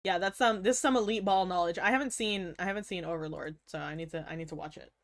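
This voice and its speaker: A woman's voice: on the low side, fast talker, a bit bright. A young woman livestreamer chatting casually with her viewers, swearing freely, laughing often and playing up mock outrage. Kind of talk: casual stream chat.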